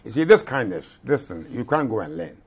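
Impassioned husky man in his eighties. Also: lowish voice, very animated, fairly quick. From Ghana. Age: 80s. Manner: impassioned, repetitive, emphatic. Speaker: retired general, guest. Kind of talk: interview.

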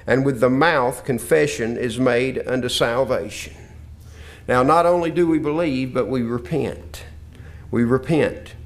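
A man preaching a sermon lesson in an earnest, scripture-quoting way, often repeating himself. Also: mid-range voice.

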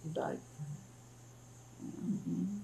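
An older woman from Hungary recounts her life in a recorded interview. Her voice has a gravelly fry, and she talks in halting bursts, restarting phrases and murmuring soft "mm-hmm"s. She slips into the voices of her family when she retells what they said. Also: fairly low pitch, slight background noise, low-quality recording. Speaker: Holocaust survivor giving testimony. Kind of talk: recorded oral history interview.

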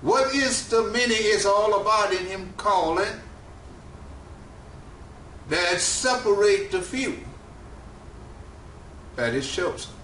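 A high-pitched man with a preaches slowly and deliberately, his bright voice lifting and dropping for emphasis. He sounds set back from the mic in a roomy, echoing space with faint ambience behind. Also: lively intonation, a little hiss or hum. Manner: slow, emphatic preaching with rising and falling cadence. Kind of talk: sermon. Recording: echoey room, mic at a distance, faint ambience.

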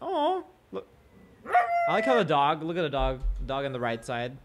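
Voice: mid-range voice, wildly swooping pitch, normal speed, very noisy. A reaction video host at home, commentating casually on funny clips, laughing often and chatting to their own dogs.

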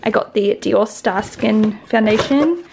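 A woman's voice: medium pitch, unhurried, vocal fry, noisy background. A young woman from New Zealand vlogging at home in a casual, rambling way, with lots of "like" and "um" and a slight lisp. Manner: chatty, rambling, with many "like" and "um" fillers. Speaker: beauty vlogger. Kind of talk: casual vlog chat.

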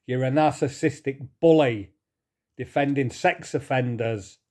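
A middle-aged man ranting angrily to his viewers, swearing, repeating himself and pausing to calm down. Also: medium pitch. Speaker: vlogger. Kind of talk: angry rant to camera.

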